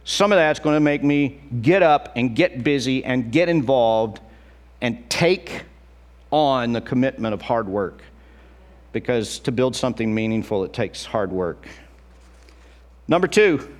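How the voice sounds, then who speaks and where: A middle-aged man gives an animated sermon in a conversational way and performs the quotes he cites. His voice sits in the mid-range, he keeps a moderate pace, and he takes long pauses.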